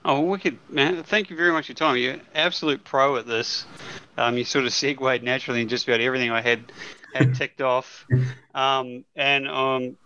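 A man's voice: mid-range voice, steady tone, fairly quick, pushed and bright, highs cut off, slight background noise. A man hosting a casual interview, laid-back and slangy, with plenty of fillers. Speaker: podcast host.

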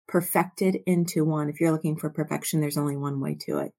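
Woman, devotional teacher, husky, low-pitched, reflective, soft near-whispers. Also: steady tone, a little fast. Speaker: Bible teacher.

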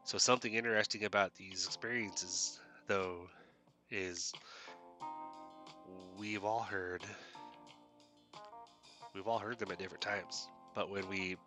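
A man's voice: low voice, fairly even intonation, unhurried, pauses often, over music. Man voicing polite earnest young woman Brandy. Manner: polite, says ma'am and sir, hesitant restarts.

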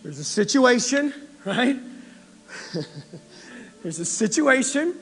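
A man in his forties preaching a sermon, animated and asking the crowd questions, acting out prayers in different voices. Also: very high-pitched, extremely slow, pauses often, breathy edge. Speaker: pastor. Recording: echoey hall with faint music.

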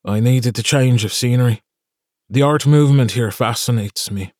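A man's voice: mid-range voice, moderate pace, a little mellow, no room sound, lightly acted. Male reader as a charming, teasing Irish stranger in an audiobook, dry studio read.

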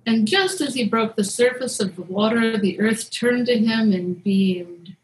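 A woman's voice: on the high side, measured pace, low-quality recording. Wry, playful woman storyteller. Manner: wry, conversational, playful retelling. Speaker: storyteller and podcast host. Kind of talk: casual mythology storytelling.

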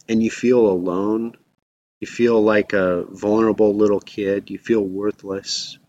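A man's voice: fairly low pitch, flat delivery, unhurried, darkish tone, highs cut off. A man preaching a reflective sermon as a pastor.

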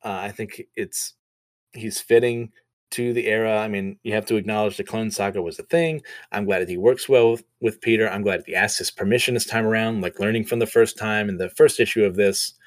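A man's voice: on the low side, fairly even intonation, fairly quick. A man hosting a casual comic recap show, chatty and self-deprecating, with many fillers. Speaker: comic book podcast host.

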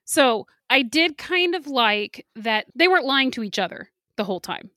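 A woman co-hosting a podcast while getting over an illness, giving frank opinions in a relaxed, casual way and laughing often. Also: sits high, moderate pace, no echo, studio quality. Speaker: podcast co-host reviewing holiday movies. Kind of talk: casual chat.

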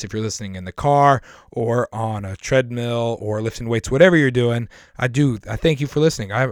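A man hosts his podcast in a rambling, sincere monologue, his voice hoarse and rough from a lingering cough. He clears his throat now and then and restarts his sentences. The recording is close and dry, with no room sound. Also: mid-range voice, no echo. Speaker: podcast host.

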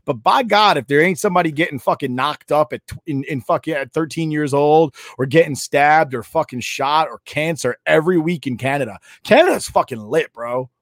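A man's voice: a little high, fairly quick, hardly any pauses, no room sound, studio quality. A young man co-hosting a casual sports podcast, arguing in profane banter. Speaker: podcast co-host.

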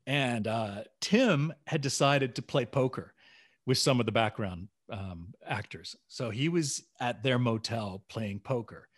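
A man co-hosting a podcast, telling a story in a casual, animated way, acting out dialogue and laughing along. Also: mid-range voice, unhurried. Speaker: podcast co-host.

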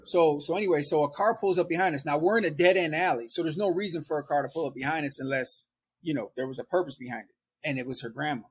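A man with a Milwaukee accent spins a story in relaxed street slang, his voice sitting a little high. He gets animated and laughs as he goes. A faint hiss of background noise runs under the recording. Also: fast. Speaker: storyteller guest. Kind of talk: casual storytelling.

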